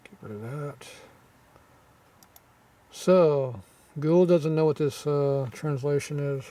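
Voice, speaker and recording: Gruff man with a scratchy throat. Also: fairly high pitch, slow pace, mellow, recorded from a distance. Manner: gruff, offhand, muttering asides. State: scratchy throat, frequent throat clearing. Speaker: channel host reading viewer comments. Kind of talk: casual rambling commentary.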